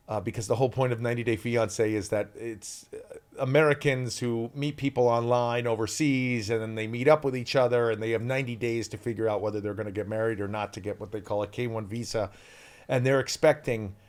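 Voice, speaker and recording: A man in his fifties from the US East Coast, a guest actor chatting on a podcast and telling stories in an animated, rambling way. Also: fairly low pitch. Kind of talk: casual podcast chat.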